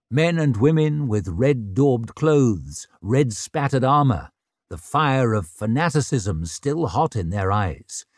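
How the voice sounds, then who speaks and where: A man's voice: mid-range voice, a little mellow, dry recording, clean studio sound. A man reading a novel aloud as an audiobook narrator, telling the story dramatically. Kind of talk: scripted narration.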